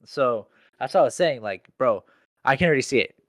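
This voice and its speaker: A man's voice: medium pitch, animated, fairly quick, a bit bright, no echo, studio quality. A young man in casual chat, telling a work story in slangy speech full of "like". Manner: slangy storytelling, heavy use of "like".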